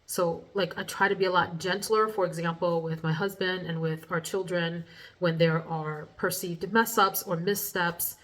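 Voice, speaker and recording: A woman's voice: lowish voice, steady tone, moderate pace, fairly bright tone. Rambling, earnest woman vlogger. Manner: rambling, earnest, addresses viewers as friends. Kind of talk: casual reflective talk to camera.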